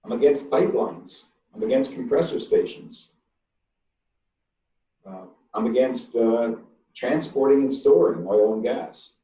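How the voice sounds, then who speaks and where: An older man, an engineering professor, answering webinar questions in a blunt, emphatic way, stressing key words slowly. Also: mid-range voice, expressive, mellow. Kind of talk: online webinar Q&A. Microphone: computer mic on a video call. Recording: distant, roomy, dull call audio.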